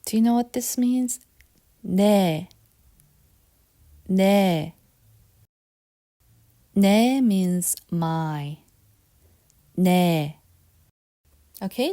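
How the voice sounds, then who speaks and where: A woman's voice: medium pitch, mellow. A woman teaching vocabulary at a patient pace, repeating words and quizzing the listener. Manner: patient and repetitive, asks quiz questions. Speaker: Korean language teacher. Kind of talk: lesson.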